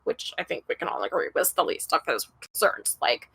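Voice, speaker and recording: A woman's voice: low voice, animated, brisk, gravelly, pushed and bright, husky. A woman co-hosting a podcast, reading a true-crime case from her notes in a casual way, tripping over place names and adding blunt comments. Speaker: podcast co-host.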